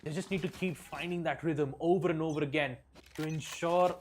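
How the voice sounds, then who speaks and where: Brief: male analyst caster, slightly high voice, thinks aloud. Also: fairly even intonation, fairly quick, slight background noise. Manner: analytical, hesitant with fillers. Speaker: esports caster. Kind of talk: esports color commentary.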